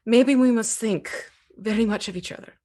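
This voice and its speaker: A woman voicing a trapped, longing spectral young woman in tabletop role-play, soft and wistful. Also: a little high, normal speed, natural voice.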